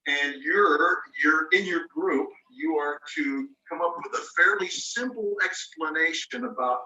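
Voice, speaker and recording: Bright-toned teacher in a roomy room. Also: male voice, a little high, a little slow, highs cut off. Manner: patient, explains rules step by step and spells words letter by letter. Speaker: ESL teacher. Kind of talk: online class lecture. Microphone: video call microphone. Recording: roomy sound, mic at a distance.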